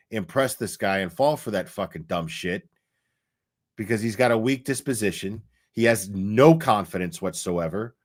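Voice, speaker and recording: A man ranting in casual commentary on a stream, swearing a lot and acting out the people he talks about. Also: on the low side. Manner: profane, animated, acts out quoted people.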